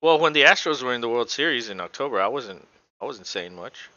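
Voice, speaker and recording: Casual podcast co-host, man, rambling fan-style commentary, bright tone, dry lo-fi sound. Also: medium pitch, expressive, brisk, dry recording. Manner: casual, swearing, rambling with fillers. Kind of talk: casual live play-by-play commentary.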